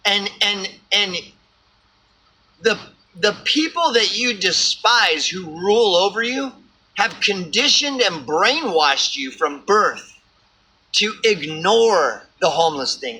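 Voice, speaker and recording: A man's voice: high voice, animated, takes it slowly, sharp tone, slightly rough, low-quality recording. A homeless man ranting to camera, swearing often and stumbling over repeated words. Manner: profane, rambling, repeats words. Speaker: vlogger. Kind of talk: ranting monologue.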